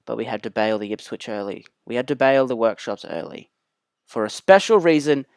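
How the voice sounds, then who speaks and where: Aussie guy doing a rail vlog, smooth mid voice, rambly and excited, repeats stuff for emphasis. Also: mid-range voice, fairly quick, no room sound. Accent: Australian. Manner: energetic, rambling, repeats key phrases for emphasis. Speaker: rail enthusiast channel host. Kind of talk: scripted enthusiastic vlog narration.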